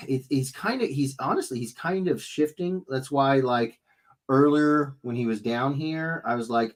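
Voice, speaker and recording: A man hosting a casual live stream, telling stories in a rambling, animated way with many restarts. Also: medium pitch, moderate pace. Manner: rambling, self-interrupting, animated storytelling. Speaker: livestream host. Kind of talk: casual chat.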